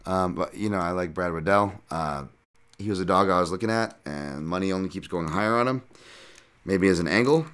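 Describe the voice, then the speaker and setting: A man's voice: sits low, fairly quick, a bit bright, smooth. A man hosting a podcast, talking through fight picks in a loose, rambling way, with frequent restarts and casual swearing. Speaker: podcast host and fight analyst.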